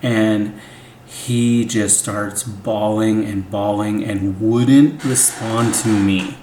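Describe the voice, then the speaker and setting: A man's voice: fairly low pitch, steady tone, very slow, darkish tone, a little hiss or hum. A young man, a father, telling a family story in a casual, rambling way, full of "like" and "you know". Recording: echoey room, faint music.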